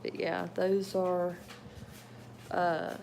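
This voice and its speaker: A woman chats in a slow, unhurried way, her voice a little gravelly with fry. She is at home and rambles about her animals, now and then talking straight to them. A faint hum of room noise sits behind her. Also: on the low side, level tone, a little mellow, poor audio. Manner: chatty, rambling, talks to her pets. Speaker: pet owner showing her animals. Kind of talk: casual home video chat.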